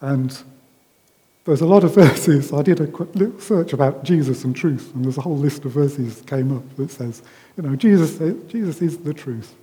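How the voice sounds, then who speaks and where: A man giving a conversational sermon as a preacher, unhurried, with frequent ums and restarts, recorded in a large hall. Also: a little high, mellow. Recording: long reverb of a hall.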